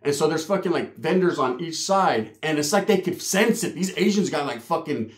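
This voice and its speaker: Man, profane slangy storyteller, fairly high voice, roomy echoey room. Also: normal speed. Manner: profane, slangy, animated storyteller who acts out quoted voices. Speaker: channel host telling a story. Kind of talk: casual storytelling vlog. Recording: roomy echo.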